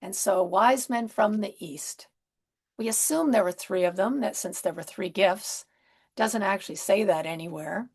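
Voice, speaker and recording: A woman minister speaks at a moderate pace in a mid-range voice during her Christmas sermon. She keeps it gentle and conversational, adding soft asides and posing rhetorical questions.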